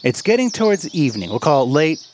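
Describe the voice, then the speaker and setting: A man running a tabletop game as game master, jokey and animated and laughing often. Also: a little high, quick pace, slight background noise.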